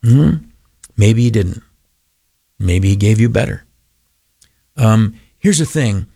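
A man's voice: on the low side, lively intonation, slow, gravelly, warm tone, breathy edge, no room sound, studio quality. An older man giving an informal devotional talk in a folksy, rambling way with many fillers.

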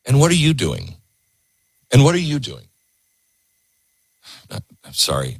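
A man's voice: medium pitch, huge pitch swings, a little slow, gravelly, long pauses, a bit bright, breathy edge, dry recording. A man hosting a political talk radio show, ranting sarcastically. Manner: sarcastic, ranting, mocking voices.

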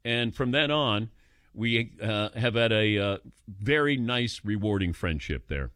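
A man's voice: on the low side, unhurried, no room sound, studio quality. A man hosting a sports call-in radio show, telling stories with chuckles and taking calls. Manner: animated storyteller, chuckles while telling.

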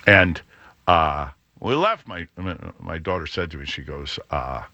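Lively middle-aged man telling a story. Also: measured pace, no echo, dull audio. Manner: acts out quoted voices, shifting pitch. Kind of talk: casual anecdote.

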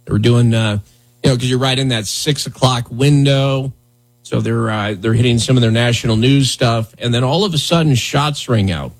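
A man's voice: medium pitch, moderate pace. A man hosting a morning radio show, talking casually and sarcastically with lots of fillers. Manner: loose, sarcastic, rambling with fillers. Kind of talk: casual talk radio commentary.

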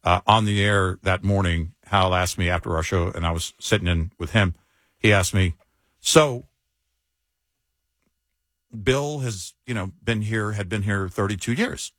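A man's voice: low voice, a little slow, long pauses, fairly bright tone, no room sound. A middle-aged man who co-hosts an overnight radio show, chatting casually with wry, dry humor. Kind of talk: casual chat.

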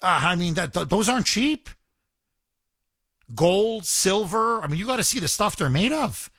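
Male call-in show host, animated ranter, tenor-ish, dry studio. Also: high voice, moderate pace, no echo. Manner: indignant, animated, repeats himself. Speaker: radio talk show host. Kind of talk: call-in radio talk.

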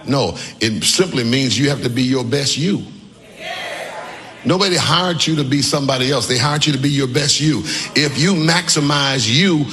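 A man preaching a sermon as pastor, calling for responses from the congregation, shouting at peaks and joking with the crowd. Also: medium pitch. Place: large church hall. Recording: long church hall reverb.

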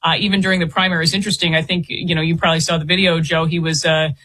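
A woman reporter answering interview questions, halting and repeating words as she explains. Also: lowish voice, flat delivery, pushed and bright, poor audio. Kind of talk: interview guest.

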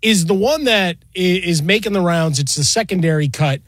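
A man's voice: high voice, moderate pace, no echo, clean studio sound. A man co-hosting a sports talk show, casually breaking down plays and adding wry jokes. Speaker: sports radio co-host.

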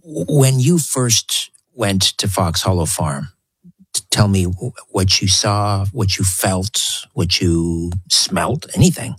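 Husky low-voiced interview host. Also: male voice, animated, no echo. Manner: curious, halting questions. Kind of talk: interview questions.

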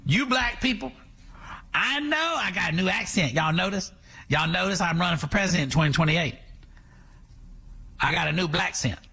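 A man's voice: high voice, creaky, pushed and bright, breathy edge, exaggerated voice. A man mimicking a politician faking a folksy drawl. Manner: mocking, exaggerated drawl. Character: woman politician putting on folksy talk.

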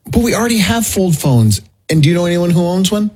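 Raspy sarcastic man co-host. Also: high voice, sing-song, quick pace, a little mellow. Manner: sarcastic, teasing, skeptical. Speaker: radio show co-host. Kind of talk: casual on-air banter.

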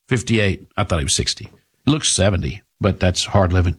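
A man holds forth on his radio show in a blunt, scornful monologue. His pitch swings widely as he argues. His voice carries a slight husk. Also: big pitch swings, fairly quick, slightly rough. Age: middle-aged. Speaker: talk radio host.

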